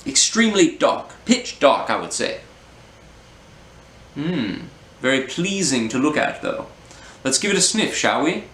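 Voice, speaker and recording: A man playing a put-on posh British beer snob, speaking theatrically with savoring pauses. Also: a little high, big pitch swings, fairly bright tone. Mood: playfully pompous. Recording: roomy echo, faint hum.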